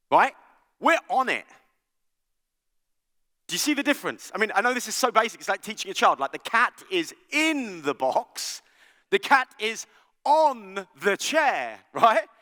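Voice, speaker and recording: A conference speaker gives an animated keynote in a high, lively voice that swoops up and down, joking brightly and conversationally while often checking in with the audience. He speaks a little slowly and pauses often. A long reverb from a large hall follows his words.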